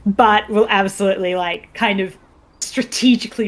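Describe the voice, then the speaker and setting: A woman's voice: medium pitch, moderate pace, fairly bright tone. A woman player in a tabletop game, chatty and giggly. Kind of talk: casual chat.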